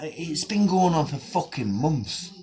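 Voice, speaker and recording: A man's voice: on the high side, very animated, slow pace, darkish tone. A man delivering a profane, sarcastic rant on his own video channel. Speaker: vlogger. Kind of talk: angry ranting vlog.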